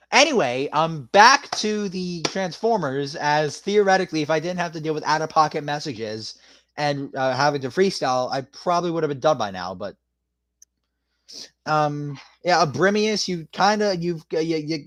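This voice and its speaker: Male streamer, high voice, slow loose delivery, casual chat and sloppy freestyle. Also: lively intonation, fairly bright tone, no echo. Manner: loose off-the-cuff freestyle rapping; answers chat messages, rambling with fillers.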